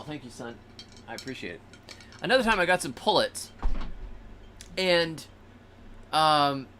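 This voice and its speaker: This host has a fairly high-pitched male voice, with a little background noise behind him. He spins casual, lively stories, giving the animals and characters their own comic voices.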